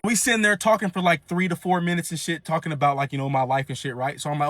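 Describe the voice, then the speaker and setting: A man in his twenties telling a story casually, in an animated, profane, slang-heavy way. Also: a little high, fast, few pauses, dry recording. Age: 20s. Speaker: vlogger.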